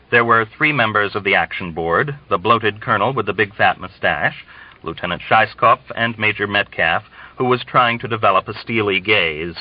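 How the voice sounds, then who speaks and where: A man reading a novel aloud in measured, scripted narration. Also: lowish voice, dry recording, highs cut off. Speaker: audiobook reader.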